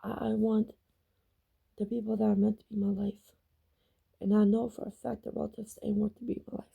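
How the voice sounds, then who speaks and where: Husky, gravelly woman ranting. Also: mid-range voice, flat delivery, fairly quick, dark tone. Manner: heated, repetitive and emphatic, swearing. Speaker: vlogger reacting to videos. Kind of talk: emotional personal vlog rant.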